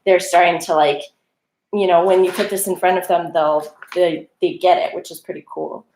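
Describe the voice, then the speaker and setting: A woman's voice: lowish voice, fairly even intonation, moderate pace, a little mellow, roomy sound, a little hiss or hum, poor audio. A woman French teacher talking casually to colleagues at a training, filling her speech with "like" and acting out her students. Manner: chatty, lots of "like" fillers, acts out kids' voices.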